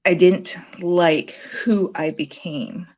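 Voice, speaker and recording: A woman with a low voice recounts her experience in a relaxed interview. She rambles with many "um"s and restarts. The sound is dull and lo-fi, like a call. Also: takes it slowly. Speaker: program graduate sharing her story. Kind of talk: casual interview testimonial.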